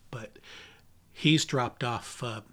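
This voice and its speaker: A man with a medium-pitched, bright voice and forceful tone takes it slowly as an interviewee remembering his father. He tells stories about him casually and ramblingly, with many fillers and restarts.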